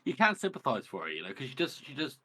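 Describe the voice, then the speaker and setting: A man's voice: mid-range voice, huge pitch swings, fast, bright, forceful tone. A man co-hosting a book podcast, talking casually and hesitantly with many fillers. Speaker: podcast co-host.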